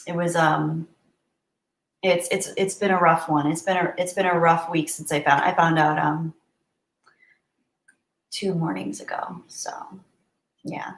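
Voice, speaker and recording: A woman hosting a casual livestream, chatting warmly and reading viewer messages aloud. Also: on the low side. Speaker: livestream host. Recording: roomy echo.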